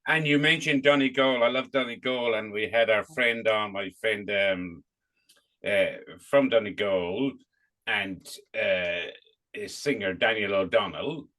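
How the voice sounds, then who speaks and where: Podcast host guy, bright sharp voice, friendly casual chat. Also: fairly low pitch, unhurried.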